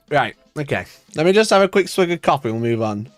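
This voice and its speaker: A man hosts a livestream and tears into his chat in a sweary, mocking rant, laughing often. His voice swings widely and jumps up high whenever he gets exasperated. He's on a dry close mic, with faint music playing underneath. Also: dry recording. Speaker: livestream host.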